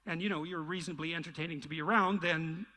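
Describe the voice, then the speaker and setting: A man's voice: fairly high pitch, fairly even intonation, quick pace, bright, forceful tone. A man in a played interview clip, recounting old work stories in a reflective way. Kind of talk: storytelling in an interview.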